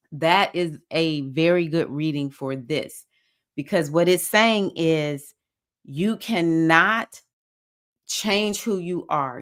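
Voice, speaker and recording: Host: Southern woman, slightly low voice, upbeat and encouraging, reading comments on a webcam live stream. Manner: warm, encouraging, reads comments aloud and cheers viewers. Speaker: spiritual teacher hosting a live session. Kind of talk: casual live-stream chat.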